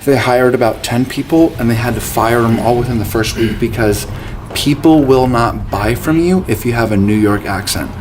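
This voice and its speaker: A man talking in a rambling, casual monologue to his camera, dropping absurd jokes in a deadpan way. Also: mid-range voice, moderate pace, a little hiss or hum. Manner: jokey, absurd deadpan asides. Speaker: vlogger.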